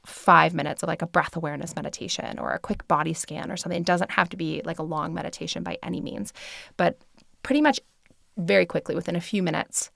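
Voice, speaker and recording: A woman's voice: fairly low pitch, fast, creaky, fairly bright tone, dry recording, studio quality. A woman in her thirties hosting a podcast, talking casually with many fillers and light laughs. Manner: chatty, filler-heavy, laughs easily. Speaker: podcast host and meditation teacher. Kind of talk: casual solo podcast talk.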